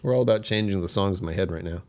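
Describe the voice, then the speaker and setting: Man, somewhat low voice, casual livestream chat, rambling, self-deprecating, laughs a lot. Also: racing, a little mellow, slight background noise. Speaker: whiskey channel host.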